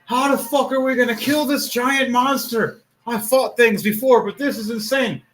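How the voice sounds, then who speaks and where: A man's voice: extremely high pitch, moderate pace, fairly bright tone, slight background noise, voice pushed up, poor audio. A man voicing an awestruck young adventurer, the new guy in the party, who talks in stunned disbelief.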